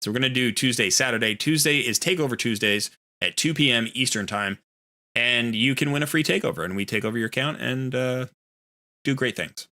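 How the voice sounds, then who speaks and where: A man's voice: mid-range voice, fairly quick, pushed and bright. A man streaming a video game live, talking casually in a rambling, easygoing way and often correcting himself.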